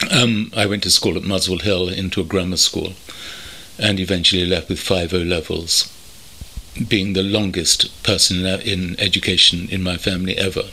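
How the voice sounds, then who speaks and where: An older man from North London, reminiscing thoughtfully as an interview guest, pausing often with ums. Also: low-pitched, bright, forceful tone, breathy edge. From North London, England. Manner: thoughtful, measured, with many pauses and ums. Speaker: interview guest, veteran copywriter. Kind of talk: reflective reminiscing. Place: country home.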